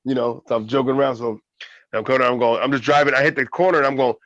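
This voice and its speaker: A man's voice: mid-range voice, steady tone, fast talker, a bit bright, no echo, muffled recording. A man co-hosting a casual podcast, telling a long funny story, swearing often and laughing. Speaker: podcast co-host.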